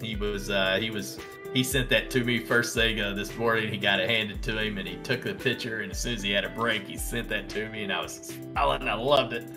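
A man with a Southern American accent hosting a casual live stock-trading stream, reading out ticker prices and answering viewers' chat with bursts of excitement. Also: lowish voice, fairly quick, over music. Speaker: stock trading livestream host. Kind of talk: casual live market commentary.

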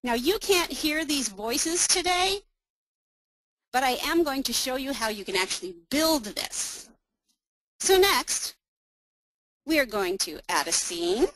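A woman's voice: high voice, lively intonation, slow pace, long pauses, a bit bright, no echo, rough recording. Upbeat woman presenting a webinar demo. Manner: upbeat, explaining step by step. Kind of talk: software demo walkthrough.

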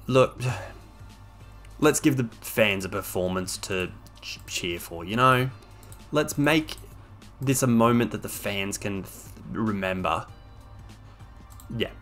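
A young man talks over his gameplay at a desk microphone, mid-pitched and audibly fed up. He swings between sarcastic jabs and weary grumbling, with faint music playing underneath. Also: a bit bright. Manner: exasperated, ranting, sarcastic. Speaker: game streamer. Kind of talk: frustrated gameplay commentary.

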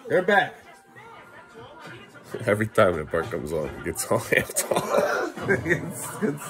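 A man's voice: on the low side, huge pitch swings, slow pace, loud music behind the voice, a loud crowd. A man filming his kids at home in a casual vlog, exasperated and half-laughing as he talks to them. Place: family home.

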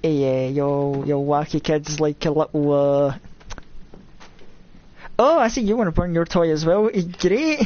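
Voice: mid-range voice, measured pace, pauses often, a little mellow. A Scottish streamer chatting through a horror game live, wandering off into tangents and poking fun at their own jokes. The voice sits in a middling register, caught on a slightly dull, lo-fi mic with a faint hiss underneath. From Scotland. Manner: rambling and self-mocking, jumpy with nervous exclamations. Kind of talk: live gameplay commentary.

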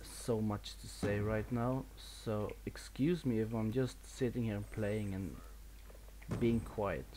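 Slow and mellow, a man's fairly low voice carries a Swedish accent as he talks through a video game he's playing live. He's from Sweden, a little nervous, and swears and laughs at himself, with slight background noise.

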